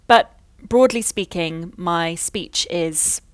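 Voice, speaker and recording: A woman from Wales speaking in a modern British received pronunciation accent, a pronunciation teacher reflecting in a measured, thoughtful way with frequent pauses. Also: on the low side, dry recording. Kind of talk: reflective monologue.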